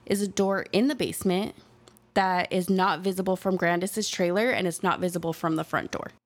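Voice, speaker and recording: A podcast co-host, an adult woman with a young son, casually tells a true-crime story with animated delivery, acting out the quotes. Her voice is fairly low and moderately paced.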